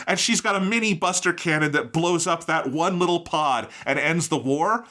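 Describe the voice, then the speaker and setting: An excitable man co-hosting an anime review podcast. His voice is bright and tense and sits a touch high. He swears freely and builds to playful outrage. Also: normal speed, hardly any pauses. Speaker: podcast co-host. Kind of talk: casual review chat.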